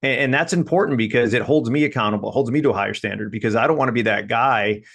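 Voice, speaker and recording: A man's voice: medium pitch, fast talker, creaky, fairly bright tone. A man co-hosting a coaching podcast, speaking thoughtfully and casually. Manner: thoughtful, many fillers and restarts.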